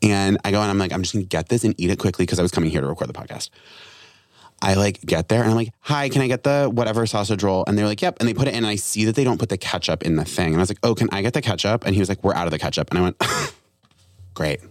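A young man hosting a casual comedy podcast, telling stories in an animated way and acting out the voices of the people in them. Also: low-pitched, rapid-fire, dry recording, clean studio sound. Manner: animated storytelling, acts out quoted voices. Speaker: podcast host.

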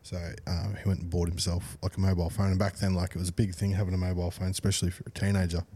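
A man's voice: low-pitched, flat delivery, rapid-fire, warm tone, breathy edge. A young man co-hosting a podcast, telling a laughing, swearing anecdote in casual chat. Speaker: podcast co-host.

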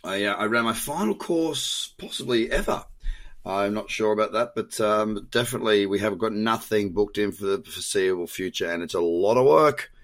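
A man's voice: fairly low pitch, moderate pace, a bit bright. An Australian man hosting a crypto podcast, chatting loosely through market commentary with fillers and self-corrections, his voice worn from overuse.

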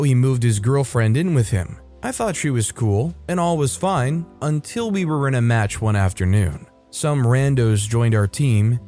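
A man reading online forum posts aloud in a steady, even narration with brief comments of his own. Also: medium pitch. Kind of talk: scripted story narration.

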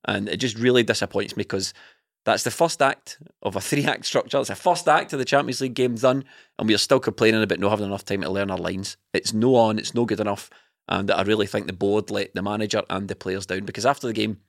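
A man's voice: lowish voice, fast, vocal fry, no room sound, studio quality. A man, a podcast co-host, talking football in a heated, opinionated way. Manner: passionate, ranting opinions. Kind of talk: casual football chat.

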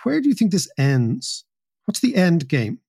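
A man's voice: high voice, big pitch swings, a little slow, creaky, mellow, breathy edge, no room sound, clean studio sound. A man hosting a podcast interview, asking probing questions and rephrasing as he goes. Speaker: podcast host.

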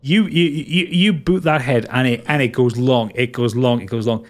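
A man's voice: medium pitch, normal speed. A man narrating a tabletop game as game master, vivid and dramatic, with frequent restarts.

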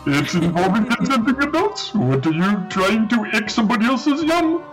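Male player, high and lively voice, dry teasing humor. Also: moderate pace, over music, low-quality recording. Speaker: tabletop game player. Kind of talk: in-character tabletop role-play.

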